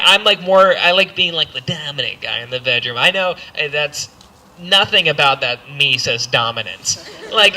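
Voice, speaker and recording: Young male stand-up, bright and fairly high-pitched, rambling and self-deprecating, with faint club noise behind him. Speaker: stand-up comedian. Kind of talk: stand-up set. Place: comedy club stage.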